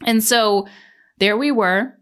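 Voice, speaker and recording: A woman's voice: on the high side, slow, fairly bright tone, clean tone. A woman from Canada hosting a podcast, telling a personal story in a candid, casual way, swearing freely and acting out the voices of people she quotes. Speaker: podcast host.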